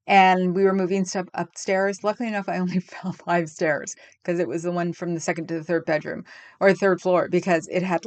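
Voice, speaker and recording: A middle-aged woman from California chats loosely on her livestream from home, drifting from story to story and laughing often. Her voice sits a little low, and the desk mic sounds close and dry with no room around it. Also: no echo. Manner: chatty, rambling, laughs often. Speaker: livestream host. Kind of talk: casual chat with live chat. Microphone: desk microphone.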